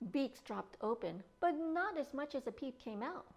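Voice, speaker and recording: A woman children's librarian reading a picture book aloud in an expressive storytime manner. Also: sits high, normal speed, gravelly.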